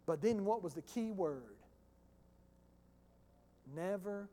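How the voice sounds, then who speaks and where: High-voiced preacher in a ringing hall. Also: male voice, animated, unhurried, warm tone. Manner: emphatic, repetitive, conversational preaching. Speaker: pastor. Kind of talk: sermon. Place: church.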